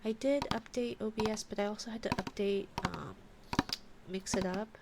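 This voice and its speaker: While adjusting her stream settings, this woman chats with viewers in a grumbling, muttering way. She has a creaky voice of medium pitch with fairly even intonation and a moderate pace. The live-stream recording carries heavy background noise and keyboard clicks.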